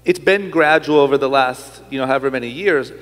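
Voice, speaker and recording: A man's voice: medium pitch, a little fast, a bit bright. Probing male host, reverberant room. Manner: probing, asks follow-up questions. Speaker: podcast host. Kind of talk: casual interview.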